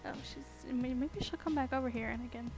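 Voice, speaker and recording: A woman's voice: high voice, fairly even intonation, a little fast, over music. A young woman chatting casually at her home desk while she carves pumpkins. She rambles and giggles, with lots of fillers. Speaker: streamer.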